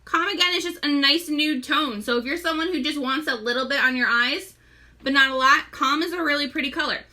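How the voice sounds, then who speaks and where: A woman's voice: high-pitched, brisk, sharp tone. A young pregnant woman hosting a casual live makeup tutorial, chatty, greeting viewers by name and often short of breath. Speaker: makeup seller and live-stream host.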